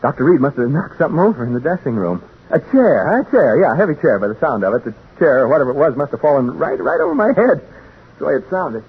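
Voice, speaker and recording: A jittery male radio announcer rambles and stammers, his husky voice swinging up and down. The sound is tinny, like an old 1940s radio drama broadcast. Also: on the high side, very animated, fast talker, exaggerated voice. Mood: uneasy. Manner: rambling, stammering, nervous laughter. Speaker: radio announcer in a haunted house.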